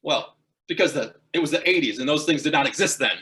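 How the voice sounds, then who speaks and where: At a speaking club, a male guest speaker delivers a funny true story in an animated way, driving toward each punchline. He talks briskly in a fairly high-pitched voice.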